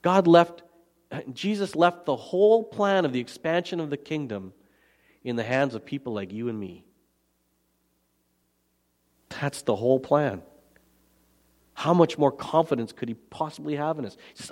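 A man's voice: fairly high pitch, a little mellow. Earnest man preaching a sermon. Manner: earnest, emphatic, repeats key phrases slowly. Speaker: pastor.

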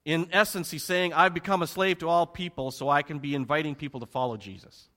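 A man preaching a sermon with animated emphasis, rhetorical questions and joking asides. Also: on the high side, fairly quick. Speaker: pastor.

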